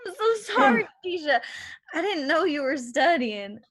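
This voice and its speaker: A woman playing a loud drunk Georgia belle. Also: very high voice, big pitch swings, unhurried, heavily acted. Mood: tipsy, combative. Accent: Southern US (Georgia). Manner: loud, rambling, teasing. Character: brash drunk Southern woman, boisterous. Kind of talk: staged reading over video call. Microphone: video call.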